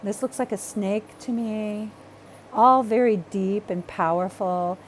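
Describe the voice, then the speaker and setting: A woman's voice: medium pitch, slow, slight background noise. Chatty woman teaching an art project. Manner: chatty, self-talking, apologetic and excitable. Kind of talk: casual craft tutorial.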